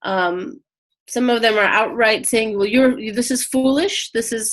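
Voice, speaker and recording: A woman teaching a casual spiritual lesson, talking conversationally with many fillers and restarts as she retells a story. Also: medium pitch.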